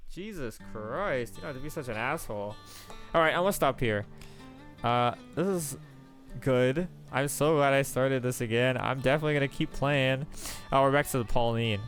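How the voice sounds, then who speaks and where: A man talking casually between scenes of a game he reads aloud. Relaxed and offhand, dropping the odd swear word, with soft music underneath. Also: medium pitch, normal speed. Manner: casual, swearing, self-deprecating. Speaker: gamer reading a visual novel aloud. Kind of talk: casual commentary.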